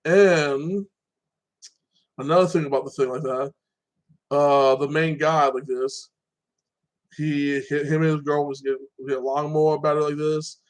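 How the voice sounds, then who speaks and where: Rambling casual man with a higher voice. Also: steady tone, measured pace, long pauses. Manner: rambling, heavy use of filler phrases. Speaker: TV and anime reviewer. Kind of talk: casual episode recap.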